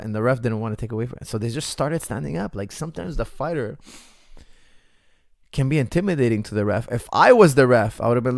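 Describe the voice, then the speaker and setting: A middle-aged man, a coach, talking casually to viewers and telling stories in an animated way, acting out what others said and using many fillers. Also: medium pitch, fast, creaky, dry recording, clean studio sound. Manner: animated storytelling, acts out quotes, many fillers. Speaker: coach answering viewer questions. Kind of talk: casual livestream Q&A.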